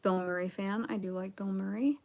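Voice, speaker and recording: A woman's voice: medium pitch, steady tone, brisk, vocal fry, a little mellow. Young adult woman, stream host; casual, sarcastic, blunt, wanders off on tangents. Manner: sarcastic, blunt, rambling with asides. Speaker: livestream host reading chat. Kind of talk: casual livestream chat.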